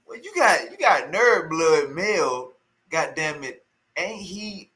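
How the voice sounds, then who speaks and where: A male streamer giving loud, teasing reaction commentary, repeating his taunts again and again. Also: a little high, low-quality recording.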